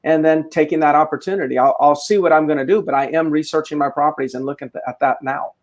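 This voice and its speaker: A man's voice: fairly high pitch, steady tone, fast talker. A man co-hosting a real estate show, giving his opinions in a casual way and often restarting his sentences. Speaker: realtor co-host. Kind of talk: casual market discussion.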